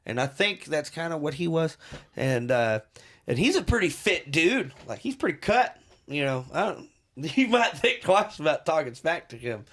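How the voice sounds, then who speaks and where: Animated storytelling podcast man. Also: on the high side, moderate pace. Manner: animated storyteller who acts out quoted voices. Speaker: podcast co-host. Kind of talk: casual storytelling chat.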